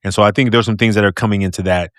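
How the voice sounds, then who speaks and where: A male podcast host with a low, deep voice that projects loudly and resonantly. He talks in a lively, expressive, conversational way and laughs easily. The sound is close and dry, with no room around it. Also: racing, no room sound. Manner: animated and expressive, laughs often. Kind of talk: casual conversational interview.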